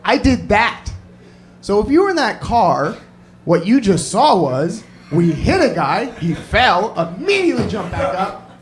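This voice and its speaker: A man telling a stand-up comedy story, animated and prone to screamed impressions. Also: high-pitched, measured pace, a little hiss or hum.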